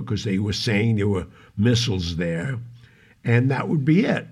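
A man co-hosting a podcast, slowly recounting his own memories in a casual storytelling way. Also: mid-range voice, very animated, darkish tone, breathy edge. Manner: slow, unhurried recounting of personal memories. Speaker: podcast co-host.

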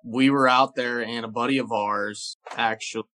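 A man's voice: mid-range voice, steady tone, moderate pace, bright, forceful tone. A man hosting a podcast, chatting casually and chuckling between thoughts. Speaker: podcast host. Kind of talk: casual chat.

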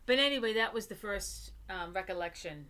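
A woman guest on an interview podcast, telling of her visions in a halting way with many pauses and fillers. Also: mid-range voice, animated, bright, forceful tone. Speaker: guest psychic medium. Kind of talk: conversational interview.

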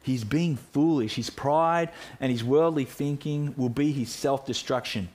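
A man's voice: medium pitch, a little slow, a little mellow. A man preaching a sermon as pastor, earnest and reflective, often restarting his phrases.

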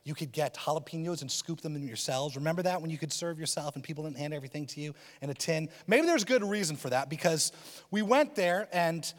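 A man preaching a sermon as a pastor, telling a personal story in an animated, humorous way. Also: on the high side, fairly quick. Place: church auditorium. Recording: long reverb of a church hall.

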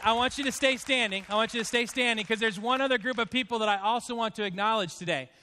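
A man in his fifties, a pastor addressing his church congregation in a heartfelt, halting way, choked up with emotion. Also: very high voice, sharp tone, a faint crowd, a little hiss or hum.

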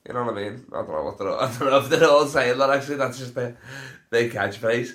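A man's voice: mid-range voice, fairly quick, a bit bright. A young man, stoned and hosting a casual solo podcast, rambling through sweary, laughing stories. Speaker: podcast host. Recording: roomy echo.

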